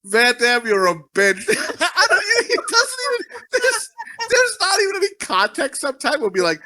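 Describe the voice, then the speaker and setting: A young man co-hosting a crude comedy podcast, profane and giggly, talking in excited casual banter. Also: very high-pitched, moderate pace. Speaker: podcast co-host.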